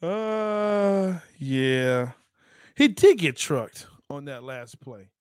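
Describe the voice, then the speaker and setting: A man co-hosting a casual sports podcast, animated and teasing, laughing often. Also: a little high, very slow, clear, resonant tone, dry recording, clean studio sound. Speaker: podcast co-host.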